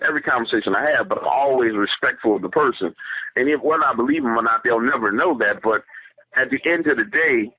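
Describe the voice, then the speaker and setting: A man, a guest on the show, recounts a frightening encounter in an earnest, halting way, with many fillers and restarts. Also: mid-range voice, slightly rough, dry recording. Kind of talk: personal story told over the phone. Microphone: phone. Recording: tinny phone line, dry.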